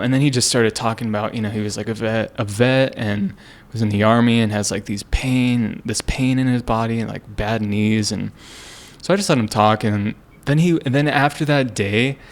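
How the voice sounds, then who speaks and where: A man's voice: mid-range voice, moderate pace. A young man sharing a personal story on a casual podcast, earnest and rambling with many fillers and restarts. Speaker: podcast co-host.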